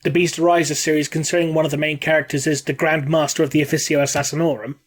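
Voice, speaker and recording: A man's voice: fairly high pitch, little pitch movement, fast talker. A man co-hosting a casual hobby podcast, talking in a dry, joking way. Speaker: podcast co-host.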